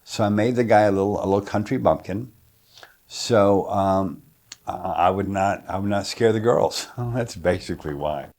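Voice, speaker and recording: A man's voice: on the low side, normal speed, a little mellow. A man, an actor, casually telling how he got a film role, rambling with lots of fillers. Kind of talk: interview anecdote.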